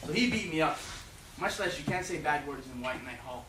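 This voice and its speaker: An energetic Irish man tells comic stories to an audience in a fairly high voice. He sounds distant, in a roomy lecture hall with noise behind him. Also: brisk. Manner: energetic, joking, animated. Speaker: guest speaker. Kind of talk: comic storytelling talk. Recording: echoey hall, distant mic, noisy.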